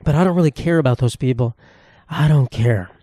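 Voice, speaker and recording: A man's voice: mid-range voice, brisk, mellow, dry recording, studio quality. A young man, a comedian hosting his own podcast, rambling casually in a self-deprecating way and swearing freely. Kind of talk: casual solo monologue.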